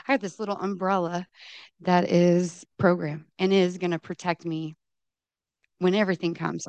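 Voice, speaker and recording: A middle-aged woman giving candid personal testimony at a recovery meeting, halting and restarting as she quotes her own self-talk. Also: lowish voice, darkish tone, no echo. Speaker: recovery program member sharing her story.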